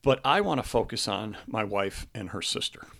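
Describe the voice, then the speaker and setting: Grieving middle-aged man, low gravelly voice. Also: animated, a bit bright. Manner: halting and earnest, with many restarts. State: grieving, close to tears. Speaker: podcast host. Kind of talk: personal monologue.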